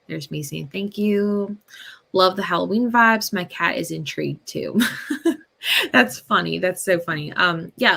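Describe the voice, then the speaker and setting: A woman hosting a casual live reading stream, chatting slowly with many ums and soft laughs. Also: fairly low pitch, creaky. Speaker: booktube host.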